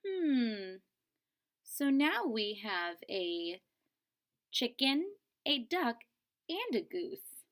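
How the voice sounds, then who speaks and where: A woman's voice: on the high side, very animated, very slow, long pauses, a bit bright. A woman teacher reading a picture book aloud to children, expressively and stopping to explain word meanings. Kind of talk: read-aloud storybook lesson.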